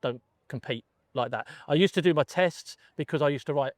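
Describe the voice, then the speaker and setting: A man's voice: a little high, a little fast, dry recording, studio quality. A middle-aged man, a gun dog trainer from England, chatting casually as a podcast guest and telling his story with many restarts.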